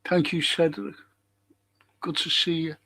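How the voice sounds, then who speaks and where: A man hosts a casual live stream, chatting in a rambling, unhurried way. His voice sits a little high for a man, and he takes his time between thoughts. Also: flat delivery, pushed and bright, poor audio. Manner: chatty, rambling, reads out viewer comments.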